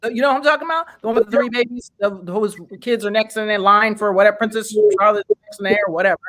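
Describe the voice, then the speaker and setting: A woman's voice: medium pitch, quick pace, a bit bright. A woman on a casual panel chat, giving blunt, opinionated takes.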